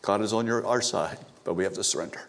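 Male pastor preaching a story-driven sermon in church, halting restarts, emphatic repetition. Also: on the low side, gravelly, fairly bright tone, slight background noise. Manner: storytelling, repeats phrases for emphasis, frequent restarts.

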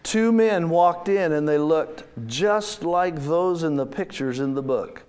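A man telling a first-person story in a church setting, reading slowly and dramatically with drawn-out pauses. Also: a little high, darkish tone, clear, resonant tone.

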